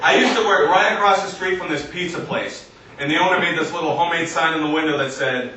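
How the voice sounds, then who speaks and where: A man doing a deadpan stand-up comedy set in front of a live audience, acting out other voices. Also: on the high side, normal speed. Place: comedy stage in an arts center, live audience. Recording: echoey venue recorded from a distance, noisy.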